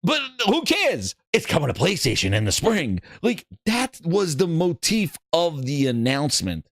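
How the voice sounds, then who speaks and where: Animated, high-voiced man laughing at his own jokes. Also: measured pace, dry recording, clean studio sound. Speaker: gaming podcast host. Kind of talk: excited casual chat.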